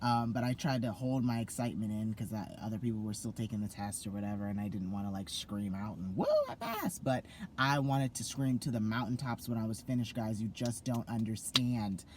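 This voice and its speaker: A man's voice: lowish voice, fairly even intonation, a little fast, noisy background. A young man vlogging to his viewers, gushing and effusive, full of fillers and restarts. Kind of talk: excited casual vlog to camera.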